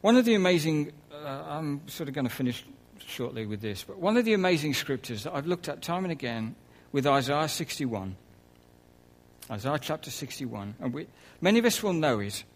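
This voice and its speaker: A man preaching a conversational sermon, with soft laughs and quiet asides. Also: a little high, very animated, normal speed, poor audio.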